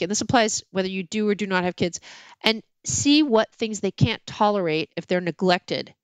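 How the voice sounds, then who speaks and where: A woman's voice: mid-range voice, normal speed, clean tone, dry recording. Middle-aged woman, candid author guest, self-mocking storyteller, mid-range voice, dry close sound. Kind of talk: casual interview chat.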